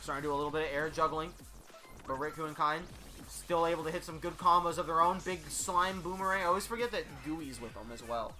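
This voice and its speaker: A commentator giving casual, excited play-by-play of computer fighting matches. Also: mid-range voice, fairly quick, soft background music.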